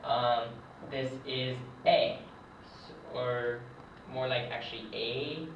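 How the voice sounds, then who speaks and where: Young man, casual lesson, unhurried, full of ums, echoey room, distant lo-fi mic. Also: mid-range voice, fairly even intonation, a little hiss or hum. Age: young adult. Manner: hesitant, many ums, slow and unhurried. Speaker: hobbyist French teacher. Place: room, writing at a board. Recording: echoey, distant, dull lo-fi camera audio.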